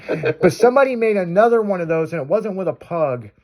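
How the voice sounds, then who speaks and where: A man's voice: sits high, animated, brisk, a little mellow. A man hosting a radio show, telling stories in casual banter with crude language and frequent laughter.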